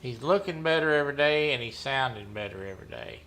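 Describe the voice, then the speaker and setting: Throat-clearing man with bright voice. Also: medium pitch, lively intonation, quick pace, slight background noise. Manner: rambling, frequent throat clearing and fillers. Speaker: gaming streamer running a members' community. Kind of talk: casual commentary while playing.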